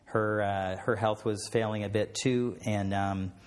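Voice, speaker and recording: A middle-aged man with a low-pitched voice speaks to a congregation as a missionary pilot. He hesitates often, filling pauses and restarting his sentences, and ends with a plain spoken prayer. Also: fairly even intonation. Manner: hesitant, many fillers and restarts. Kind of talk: mission testimony and closing prayer.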